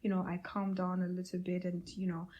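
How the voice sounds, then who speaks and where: A woman's voice: lowish voice, monotone, a little fast, dark tone, dull audio. A young woman podcast host telling a candid, emotional personal story to her listeners, with many fillers.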